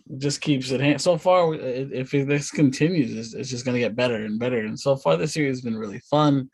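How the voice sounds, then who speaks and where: A man's voice: mid-range voice, a little mellow. A man co-hosting a podcast, talking enthusiastically with many restarts and some swearing. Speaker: podcast co-host. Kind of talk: casual chat.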